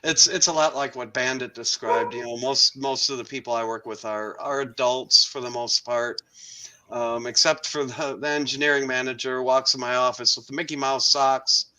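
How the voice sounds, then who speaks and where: A man's voice: mid-range voice, fairly even intonation, normal speed, sharp tone, poor audio. A man in a casual podcast chat, telling a work anecdote in a dry, wry way, with frequent ums.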